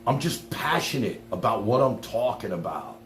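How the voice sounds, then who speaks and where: A man's voice: sing-song, moderate pace, slight background noise. Fired-up streamer man, roomy echo. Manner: fired-up, profane, swings loud then drops low. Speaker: live streamer. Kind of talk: ranting live stream monologue.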